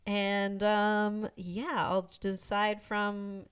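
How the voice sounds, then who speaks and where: A woman's voice: mid-range voice, little pitch movement, drawn-out words, clear, resonant tone. A woman co-hosting a movie podcast in casual chat, loose and talkative with lots of filler words. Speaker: podcast co-host.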